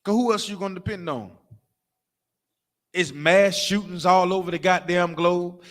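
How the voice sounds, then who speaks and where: A man's voice: sits high, moderate pace. A man preaching a fiery street-style sermon, swearing freely and firing off rhetorical questions and call-and-response. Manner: animated, mimics crying and barking for laughs. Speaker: preacher of a religious camp.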